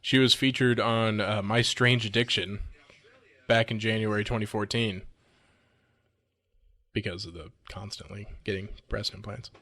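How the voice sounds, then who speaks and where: A man's voice: fairly low pitch, fairly even intonation, measured pace, long pauses, bright, forceful tone. Dry-humored man reading out odd news. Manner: dry, reads news items aloud with wry comments. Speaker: podcast co-host reading news. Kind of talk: casual podcast chat.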